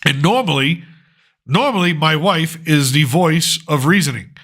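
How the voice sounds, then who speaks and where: A man's voice: fairly high pitch, animated, unhurried, a bit bright. A middle-aged man hosting a pop culture commentary show, ranting sarcastically and swearing freely. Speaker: host.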